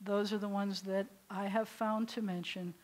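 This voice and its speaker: A woman with a Southern American accent leading a congregation through a service, giving gentle instructions. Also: mid-range voice, level tone, moderate pace. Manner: warm instructive directions to a congregation. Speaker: service leader.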